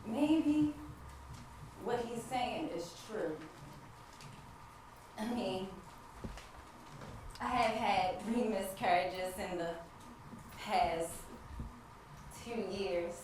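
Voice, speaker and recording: An actress playing a grieving wife who longs for a child, delivering an emotional stage monologue that moves between despair and faith. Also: female voice, medium pitch, very slow, long pauses, far from the mic, noisy background. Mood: heartbroken. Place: theater stage. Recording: echoey stage miked from afar.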